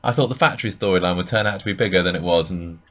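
An easygoing man co-hosting a podcast, with a very deep, low-pitched voice. He chuckles often and leans on fillers as he thinks aloud. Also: rapid-fire, fairly bright tone, dull audio. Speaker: podcast co-host. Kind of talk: casual podcast chat.

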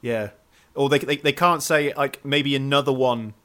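A man co-hosting a casual film review podcast, animated, laughing often and tripping over his words. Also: medium pitch, moderate pace. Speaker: podcast co-host.

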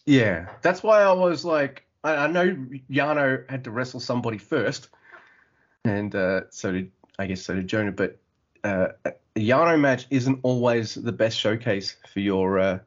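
Husky-voiced man in casual chat. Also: mid-range voice, normal speed, lo-fi sound. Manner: swearing, joking, laughs often. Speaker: podcast co-host.

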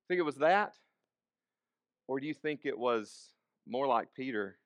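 A man's voice: mid-range voice, lively intonation, moderate pace, pauses often, fairly bright tone, clear, resonant tone, no echo. A man preaching a sermon, asking the congregation questions and repeating key phrases. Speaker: pastor.

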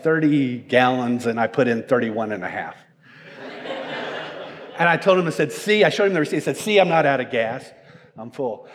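A middle-aged male pastor preaching, telling a self-mocking personal story in an animated way. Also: on the high side. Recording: long hall reverb.

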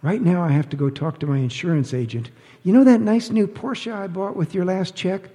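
A man's voice: high-pitched, normal speed, mellow, big-room sound, pitched above the performer's own voice, lightly acted. A man reading an audiobook, voicing a sly divorced woman who talks in a sugary, teasing, falsely innocent way.

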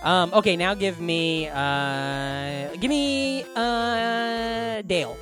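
A man's voice: sits high, animated, drawn-out words, over music. A man co-hosting a podcast in casual chat, rambling and swearing freely. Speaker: podcast co-host.

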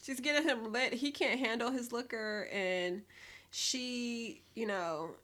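A woman co-hosting a podcast in casual chat, chiming in with wry, quick asides. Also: on the high side, fairly bright tone. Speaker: podcast co-host.

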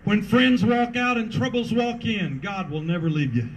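A man's voice: sits high, moderate pace, low-quality recording. A man preaching a sermon as pastor at an outdoor parking lot service, emphatic and rhythmic with repeated refrains.

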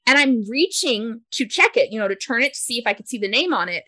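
Bright chatty woman telling a story, laughs a lot, dry close sound. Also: a little high, lively intonation, no echo. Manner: chatty, laughing, halting retellings. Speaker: podcast co-host. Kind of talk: casual chat, storytelling.

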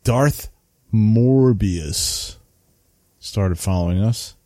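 A man's voice: lowish voice, drawn-out words, dark tone, no room sound, clean studio sound. A man co-hosting a casual hobby podcast, laid-back and chatty, often tossing in "man". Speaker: podcast co-host. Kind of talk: casual chat.

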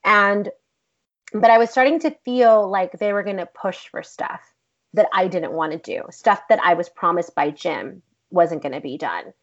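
A woman and actress, the guest in an interview, telling a story in a blunt, profane, animated way. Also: lowish voice, normal speed. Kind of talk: casual storytelling. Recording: dull lo-fi recording.

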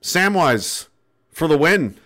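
A man's voice: fairly high pitch, sing-song, slow, fairly bright tone. A man speaking to his viewers in an impassioned, profane, rambling monologue. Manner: profane, rambling, fervent, with restarts. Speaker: online commentator.

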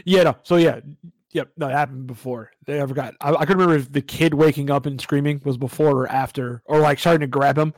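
A man co-hosting a casual podcast, chiming in with quick, chatty remarks. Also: medium pitch, fairly even intonation, dry recording. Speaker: podcast co-host. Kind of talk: casual chat.

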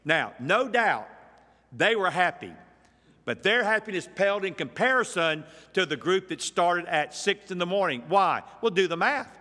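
A man preaching a sermon in a large church, his voice slightly high and bright with a forceful edge. He works through the text verse by verse and drives his points home with rhetorical questions. His voice rings with the long reverb of the big hall. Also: expressive, normal speed. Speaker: pastor.

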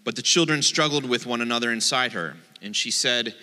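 A man's voice: medium pitch, a little fast, sharp tone, big-room sound. A man, a rabbi, giving a playful, joking sermon and acting out the voices in his quotes.

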